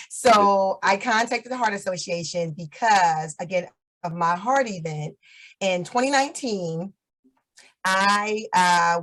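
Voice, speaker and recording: A woman's voice: fairly low pitch, fairly bright tone, rough recording. A woman in her fifties, a guest on an interview show, telling her story in a chatty way and laughing often. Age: 50s.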